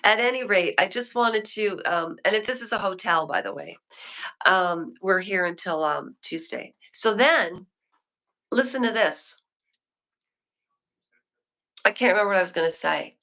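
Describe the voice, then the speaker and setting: A woman's voice: mid-range voice, normal speed, bright, forceful tone. A woman hosting a live stream from a hotel room, chatting with viewers in a rambling, opinionated way that keeps wandering off topic. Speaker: livestream host.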